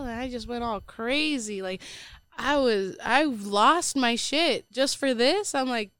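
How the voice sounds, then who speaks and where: A woman's voice: fairly high pitch, a little slow, a bit bright, clear, resonant tone, no echo. A woman on a podcast telling a personal story in casual chat, rambling with lots of fillers. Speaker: podcast co-host.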